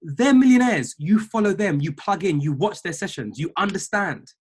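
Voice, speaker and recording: A man's voice: high-pitched, animated, moderate pace, darkish tone, slightly rough. A man, a trading mentor giving a fired-up motivational talk on a group call, repeating phrases like a preacher.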